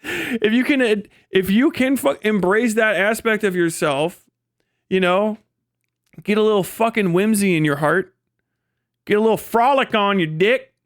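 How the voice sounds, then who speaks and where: A man's voice: high voice, a little slow, long pauses, no echo, studio quality. A young man hosting a livestream, ranting in a casual, profane and mocking way and laughing often. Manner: profane, mocking, laughs often, jumps into silly mimicking voices. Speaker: livestream host.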